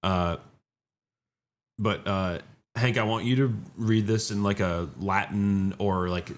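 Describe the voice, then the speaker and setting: A young man with a lowish voice co-hosts a casual podcast conversation. He is wry and laughs often. He drops mock-grumpy asides as he leads the topic. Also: steady tone, takes it slowly. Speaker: podcast co-host. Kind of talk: casual chat.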